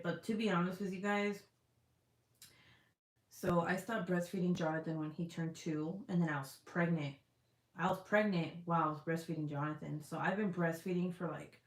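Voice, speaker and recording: A young woman on a casual live stream, chatting loosely with heavy swearing, lots of fillers and frequent laughter while she reads comments. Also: fairly low pitch. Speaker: vlogger reading live chat. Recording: roomy echo.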